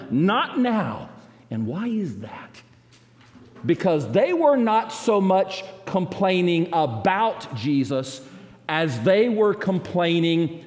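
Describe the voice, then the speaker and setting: A man preaching a sermon as a pastor, with dramatic pauses and emphatic quoted lines. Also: high voice, a little mellow, long reverb tail.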